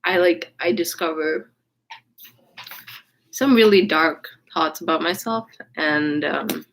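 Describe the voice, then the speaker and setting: Low-pitched and slow, with vocal fry yet a fairly bright tone, a woman vlogs about something personal. She rambles with frequent restarts and fillers and curses candidly, while the poor audio carries a little hiss or hum.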